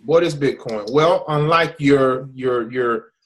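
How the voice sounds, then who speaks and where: A man's voice: mid-range voice, takes it slowly, slight background noise, low-quality recording. An American man hosting an online hangout, explaining with frequent restarts and repeated "okay?" checks. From USA. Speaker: host. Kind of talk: casual hangout presentation.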